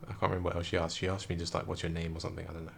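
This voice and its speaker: A young man talks in a hushed, tired voice, keeping it down so he won't wake anyone. His voice sits very low and turns gravelly and fried. A faint hiss sits under the talk. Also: flat delivery, racing. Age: young adult. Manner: hushed, quiet, rambling talk. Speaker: vlogger. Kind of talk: casual storytelling vlog. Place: room indoors at night.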